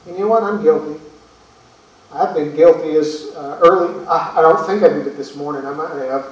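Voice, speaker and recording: The sermon comes through muffled, captured from far away in an echoey room. The pastor has a fairly high voice and a moderate pace, speaking earnestly, asking rhetorical questions and repeating words.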